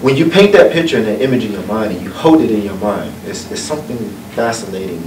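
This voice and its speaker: A man's voice: on the low side, big pitch swings, quick pace. A man from North Carolina with a Southern accent, telling folksy personal stories that turn motivational at a book event. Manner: folksy, earnest, building to uplifting points. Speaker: guest speaker at a book event. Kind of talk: personal storytelling and motivational talk. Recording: echoey room from far off, noisy.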